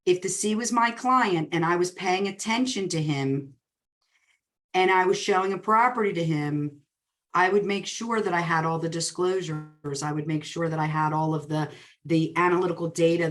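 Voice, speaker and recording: Woman coaching, somewhat low voice. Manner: lively storyteller who acts out quoted dialogue. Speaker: real estate coach and speaker. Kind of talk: coaching talk with personal stories. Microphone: webinar recording.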